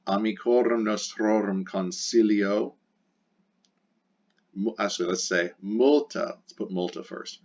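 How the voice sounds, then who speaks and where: A man's voice: on the low side, measured pace, darkish tone, dull audio. A man teaching a recorded grammar lesson, working through examples patiently and repeating key phrases. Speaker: Latin teacher.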